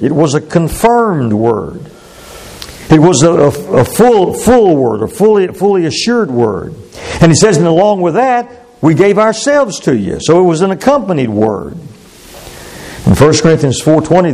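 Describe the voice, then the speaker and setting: A man preaching a sermon, emphatic and repeating phrases for stress, his pitch swinging widely from line to line. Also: vocal fry, darkish tone, poor audio.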